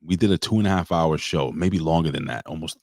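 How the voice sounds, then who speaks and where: A man co-hosting a casual livestream, talking in an emotional, rambling, halting way. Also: extremely low pitch, vocal fry, a little mellow, dry recording, studio quality. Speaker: co-host.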